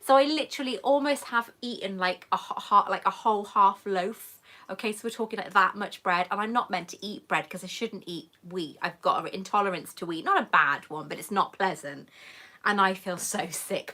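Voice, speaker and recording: A woman's voice: medium pitch, normal speed, pushed and bright. A British woman hosting a live question-and-answer stream from home, chatting casually and greeting viewers with affectionate pet names. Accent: British English. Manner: chatty and affectionate, calls viewers love and sweetheart. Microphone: camera mic on a monopod.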